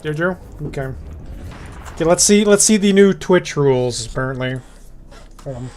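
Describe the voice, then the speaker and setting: A man's voice: on the high side, expressive, moderate pace, a little mellow. A man hosting a game stream, chatting casually and joking, sometimes talking with his mouth full. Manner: jokey, talks with a mouthful, reads text aloud. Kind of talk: casual chat.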